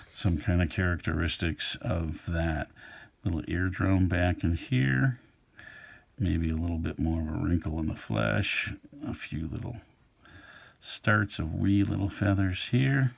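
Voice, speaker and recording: A middle-aged man with a low voice teaches a drawing lesson, musing aloud as he sketches. His tone is easygoing and unhurried, and his voice has a gravelly rasp. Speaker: art instructor. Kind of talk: relaxed drawing tutorial narration.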